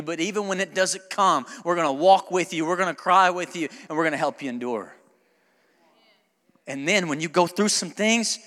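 A man in his thirties preaches a sermon in a bright, somewhat high voice. He climbs to loud, ringing peaks, then drops low and soft. The sound carries a long hall reverb. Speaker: pastor.

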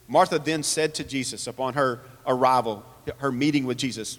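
A man's voice: fairly high pitch, moderate pace, a bit bright, long reverb tail. A man preaching a sermon, earnest, asking rhetorical questions and reading scripture aloud. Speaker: pastor.

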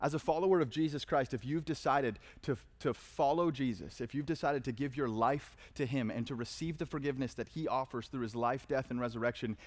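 A man preaching a conversational sermon, reading verses with dramatic emphasis. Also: medium pitch. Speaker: pastor.

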